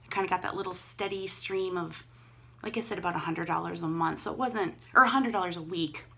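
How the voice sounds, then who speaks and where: A woman's voice: fairly low pitch, a little fast, vocal fry, fairly bright tone, husky. A middle-aged woman vlogging casually from home, chatting and thinking aloud as she handles items she resells online. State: out of breath. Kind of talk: casual vlog chat.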